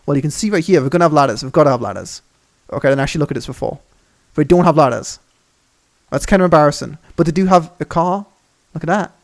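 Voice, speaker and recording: Fast, gravelly young man rambling over gameplay. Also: on the high side. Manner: excitable, rambling, swears often. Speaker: gaming channel host. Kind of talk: casual game commentary.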